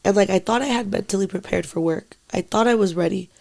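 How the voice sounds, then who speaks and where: A young woman co-hosting a casual podcast, speaking haltingly with lots of "like" and swearing, quiet and emotional, at times dropping to near-whispers. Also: medium pitch, gravelly. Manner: halting, full of "like" and frequent swearing. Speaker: podcast co-host.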